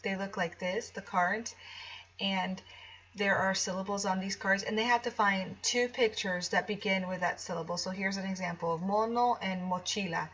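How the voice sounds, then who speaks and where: A woman's voice: medium pitch, a bit bright, highs cut off. A woman teacher walking listeners through classroom activities in a chatty, explanatory way, with frequent ums and restarts. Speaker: teacher-author showing a product. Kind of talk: casual screen walkthrough.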